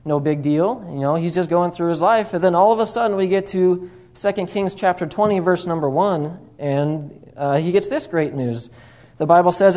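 A man's voice: fairly high pitch, moderate pace, darkish tone. A man preaching a sermon, opening with a folksy joke told in a storytelling manner full of fillers and asides.

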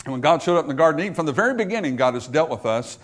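A man's voice: on the high side, animated, racing. A man preaching a sermon, emphatic, rising and dropping his voice for effect. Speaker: pastor.

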